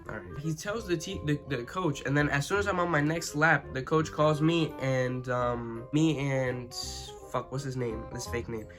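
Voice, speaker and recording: A young man tells a story about school in a loose, rambling way, swearing freely and checking in with his listeners. His voice sits at an ordinary middle pitch for a man. A soft guitar track plays faintly behind him. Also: moderate pace. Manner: rambling, profane, full of "you know what I'm saying". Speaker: vlogger. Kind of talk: casual storytime.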